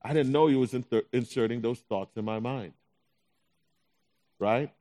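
A young adult man, a pastor, telling his own story in a sermon with animated delivery, acting out his anxious thoughts in quotes. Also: medium pitch, normal speed. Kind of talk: sermon testimony.

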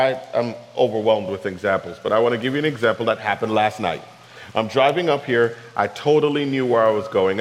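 A man's voice: a little high, in a large hall, low-quality recording. A man preaching a sermon, telling a story and asking the congregation rhetorical questions. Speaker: pastor.

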